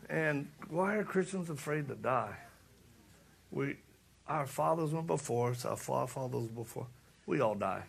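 A middle-aged man giving a sermon-style talk, joking and animated, then urgent and challenging. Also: mid-range voice, a little slow, vocal fry, pauses often, breathy edge. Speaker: speaker.

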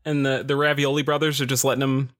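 A man's voice: medium pitch, flat delivery, fast talker, fairly bright tone. A man playing a tabletop game who laughs at himself while chatting with the group. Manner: self-mocking, giggly. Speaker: player.

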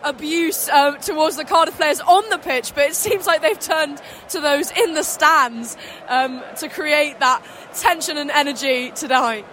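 A young woman with a high, bright voice offers casual analysis beside the main commentator at an outdoor match. She talks in a chatty way, leaning on fillers as she thinks aloud. Faint ambient noise runs underneath. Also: unhurried. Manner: chatty, many "I mean" and "um" fillers. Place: outdoor stadium stand.

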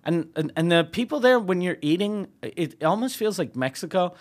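A man's voice: high-pitched, expressive, moderate pace. A male comedian and podcast host telling a story in a casual, profane way, laughing as he goes. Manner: profane, laughing as he tells anecdotes.

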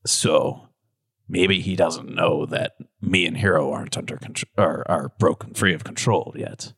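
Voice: low-pitched, measured pace, vocal fry, a bit bright, breathy edge. A player in a tabletop game who talks casually and bluntly and swears freely.

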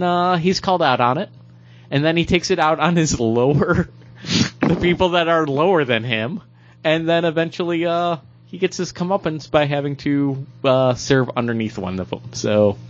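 A man's voice: on the high side, a little slow. A man co-hosting a podcast, joking around and laughing often while talking about comic books. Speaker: podcast co-host. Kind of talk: casual comic book discussion. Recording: dull lo-fi podcast audio.

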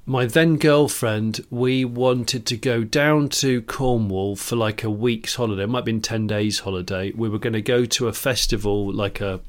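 A man's voice: on the low side, fairly even intonation, moderate pace, hardly any pauses. A man co-hosting a podcast, telling casual, rambling anecdotes with frequent restarts and chuckles. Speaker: podcast co-host. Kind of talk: casual chat.

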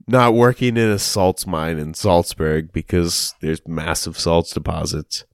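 A man's voice: low voice, fairly even intonation, a little slow, creaky, dry recording. A man co-hosting a casual podcast, laid-back, tossing in dry factual asides. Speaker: podcast co-host. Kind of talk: casual chat.

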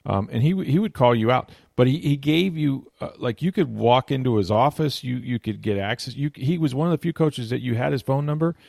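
Gravelly-voiced man telling stories on a podcast. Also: mid-range voice, a little fast, few pauses, darkish tone, no echo, clean studio sound. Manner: rambling storyteller with frequent restarts and laughs. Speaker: podcast host. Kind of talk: casual podcast chat.

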